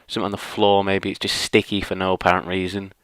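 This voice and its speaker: Man, vlog rant, low smooth voice, dry close mic, rambling and fed up. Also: monotone, quick pace, a bit bright, dry recording. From northwest England. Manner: grumbling and exasperated, rambling with many fillers. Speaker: vlogger. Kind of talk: casual ranting monologue.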